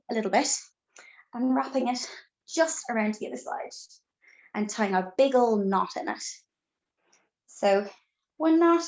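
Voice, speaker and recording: A woman's voice: on the high side, darkish tone, lo-fi sound. A woman, a birth educator, giving a chatty, reassuring live demonstration and showing each step as she talks.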